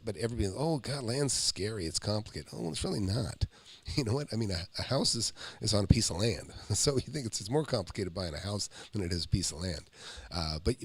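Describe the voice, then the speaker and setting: A man's voice: fairly low pitch, gravelly, slightly rough, no echo. An American man, a real estate investor, rambling through a casual commentary and telling stories. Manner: rambling, storytelling, animated when quoting.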